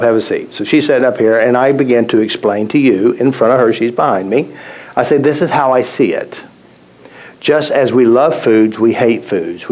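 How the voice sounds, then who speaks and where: A man's voice: medium pitch, a little mellow, low-quality recording. A man teaching at a live seminar, telling client stories and acting out their quotes, often repeating his phrases. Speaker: tapping therapy teacher.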